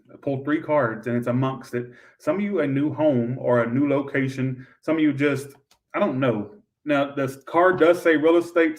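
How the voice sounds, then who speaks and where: Male tarot reader, brash and crude, middle pitch, some distance from the mic. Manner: blunt, swears freely, loud outbursts. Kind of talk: live tarot reading.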